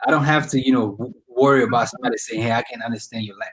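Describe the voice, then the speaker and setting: A man's voice: mid-range voice, steady tone, rapid-fire, a bit bright, breathy edge, rough recording. A young man from Cameroon with a Cameroonian accent, chatting casually as an interview guest and filling his talk with "you know what I mean". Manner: laid-back, many "you know what I mean" fillers. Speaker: guest musician and podcast host.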